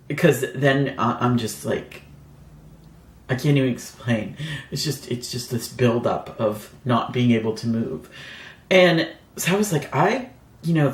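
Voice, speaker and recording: Animated low-voiced woman, chatty storytime. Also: echoey room. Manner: chatty, rambling, full of "like" fillers. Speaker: beauty vlogger. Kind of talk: casual storytime.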